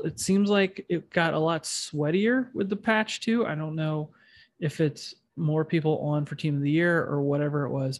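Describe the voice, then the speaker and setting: A man hosting a casual podcast chat, with a nasal voice and a rambling, self-deprecating way of talking. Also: on the high side. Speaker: podcast host.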